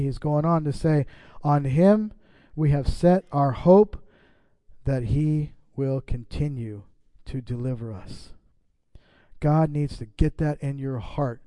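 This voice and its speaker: Middle-aged pastor guy preaching, talks like he's chatting between verses, warm mellow tone. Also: on the high side, dry recording. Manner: conversational, with asides and scripture readings. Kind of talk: sermon.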